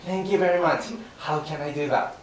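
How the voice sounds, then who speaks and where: A man's voice: a little high, a little fast, close to an everyday voice. A man playing an eager, brash young student in rakugo comic storytelling. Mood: polite eager. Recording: roomy, distant mic, faint hiss.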